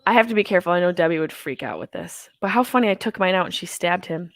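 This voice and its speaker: A woman's voice: lowish voice, fast, no echo. A woman in her thirties hosting a live movie watch-along from home, rambling and joking with crude humor while stoned. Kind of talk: casual live-stream chat. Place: house, at home.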